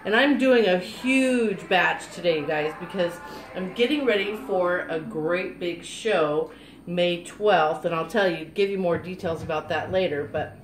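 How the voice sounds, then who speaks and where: A woman's voice: lowish voice, a little slow, echoey room, slight background noise. A middle-aged woman, chatting in a bubbly, upbeat way while she shows how she makes soap. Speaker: soap maker. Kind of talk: casual how-to vlog.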